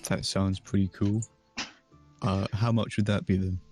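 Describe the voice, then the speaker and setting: A man playing in a tabletop game, polite and relaxed. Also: sits low, measured pace, faint music behind. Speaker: player. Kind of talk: tabletop role-play.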